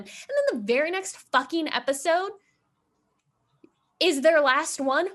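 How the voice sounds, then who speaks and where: A woman hosting a reaction show, ranting with lots of swearing and quick apologies. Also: high voice, sing-song, a bit bright. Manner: fast, swearing, impassioned, apologetic. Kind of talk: heated reaction rant.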